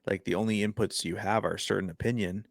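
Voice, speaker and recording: A man's voice: lowish voice, steady tone, fast, gravelly, dry recording, studio quality. A man co-hosting a sports podcast, talking in a laid-back, wry way and reading quotes aloud. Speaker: podcast co-host. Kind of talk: casual sports chat.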